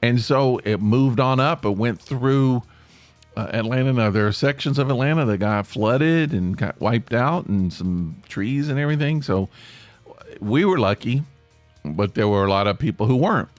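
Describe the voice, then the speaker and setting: A man's voice: mid-range voice, animated, moderate pace, dry recording, faint music behind. A man from Tennessee with an East Tennessee Appalachian accent, hosting a podcast as a chatty, rambling monologue in the manner of a storyteller. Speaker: podcast host.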